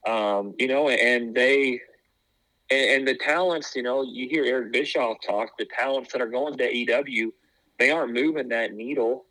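A man who once tried out for wrestling co-hosts a podcast, rambling through casual chat with plenty of fillers and false starts. His mid-range voice moves at a moderate pace with a sharp edge. The recording is rough but has no echo.

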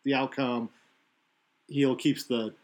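A male podcast host with a mid-range voice and flat delivery talks slowly through casual wrestling chat. His analysis comes in long, rambling runs that keep restarting and correcting themselves.

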